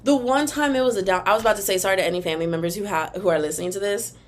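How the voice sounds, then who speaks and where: A young woman hosting a casual solo podcast, ranting in an animated, emphatic, rambling way, and now and then breaking into a taunting sing-song chant. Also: mid-range voice, very fast. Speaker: podcast host.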